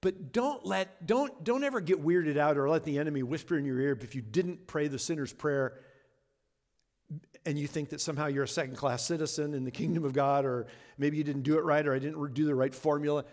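A man's voice: a little high, darkish tone. Earnest man preaching in a reverberant hall. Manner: earnest, conversational, speeds up and slows for emphasis. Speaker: pastor. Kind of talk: sermon. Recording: long reverb of a large hall.

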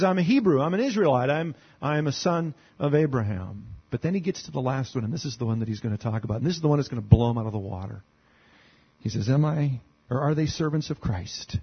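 A male pastor preaching in a relaxed, conversational way, throwing in rhetorical questions and dry sarcasm. His voice sits a little high and sounds husky. The recording is dull and lo-fi, as from a church sound system. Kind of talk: expository sermon.

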